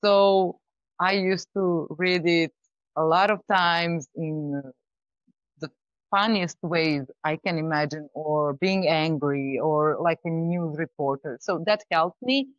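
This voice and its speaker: A woman guest talking casually about pitching, in a thoughtful, halting way with restarts. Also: no room sound. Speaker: startup founder, guest. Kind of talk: casual interview talk. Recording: slightly dull lo-fi audio.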